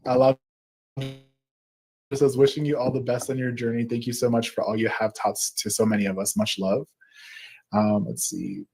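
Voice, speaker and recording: A man's voice: mid-range voice, flat delivery, normal speed, long pauses, darkish tone, breathy edge. A man in his thirties hosts a live stream and reads out viewers' comments one after another. He talks casually, with fillers and frequent laughs between them. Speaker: host. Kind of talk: reading live chat comments aloud.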